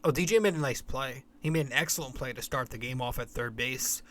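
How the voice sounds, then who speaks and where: Young male podcast host, casual rambling baseball talk, blunt and profane, mid-pitched. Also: fairly quick, fairly bright tone. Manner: rambling, blunt, swears freely.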